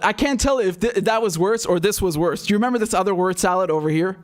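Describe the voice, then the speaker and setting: A man's voice: high voice, quick pace, few pauses. A man reacting to political clips with profane, incredulous and mocking commentary. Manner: incredulous and mocking, swears often.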